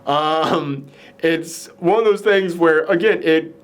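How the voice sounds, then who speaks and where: A man hosting a casual movie review chat, retelling the plot in an animated way with lots of "like" fillers. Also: on the high side, slow. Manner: animated storytelling, frequent "like" fillers. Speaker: podcast host.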